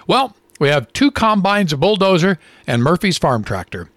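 A man's voice: high-pitched, big pitch swings, moderate pace, fairly bright tone, no room sound, pitched above the performer's own voice. A man puts on a cheeky Irish pub fellow in a raised, bouncy voice. He talks with a strong Irish accent, jaunty and folksy. The sound is close and dry.

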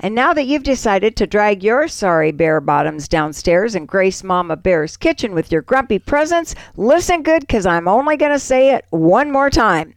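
A woman's voice: medium pitch, very animated, normal speed, few pauses, no echo. A woman doing a fed-up scolding Mama Bear. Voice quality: loud, scolding. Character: exasperated bossy mother bear, scolding family.

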